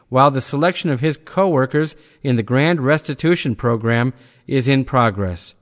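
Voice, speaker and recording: Man reading scripture in a reverberant hall. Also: mid-range voice. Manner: measured, deliberate delivery that slows to cite scripture references. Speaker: reader of a religious text. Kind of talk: scripted reading of theological prose.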